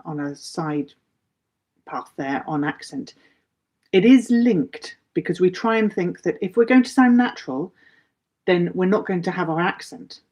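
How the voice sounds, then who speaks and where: English woman, English teacher on a livestream, low-ish husky voice, chatty and animated. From England. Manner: chatty, animated, quick with many asides. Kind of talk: live Q&A lesson.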